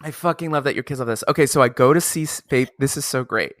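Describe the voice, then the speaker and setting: A male podcast host telling a funny story in casual chat, animated, swearing freely and laughing along. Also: mid-range voice, fast talker, dry recording, clean studio sound.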